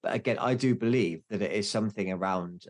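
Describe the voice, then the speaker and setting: With a fairly low voice and fast delivery, a man in his forties chats casually as a podcast interview guest. He's candid and mocks himself, frequently restarting what he says.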